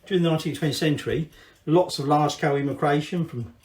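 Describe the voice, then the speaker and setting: A man's voice: fairly high pitch, fast talker, a little mellow. A Scottish man hosting a casual cooking video, rambling and swearing cheerfully as he talks through a recipe in his home kitchen. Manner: chatty, rambling, sweary asides. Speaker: cooking channel host. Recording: echoey room.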